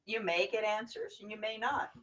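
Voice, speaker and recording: A Midwestern American co-host speaks at an ordinary middle pitch. They chime in with agreement and practical tips in a relaxed, casual group chat. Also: normal speed. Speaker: paranormal investigator co-host.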